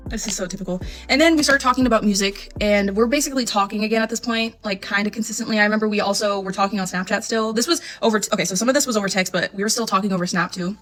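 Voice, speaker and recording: A woman in her twenties telling a casual storytime, chatty and animated, acting out her own texts. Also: medium pitch. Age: 20s. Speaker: storytime vlogger.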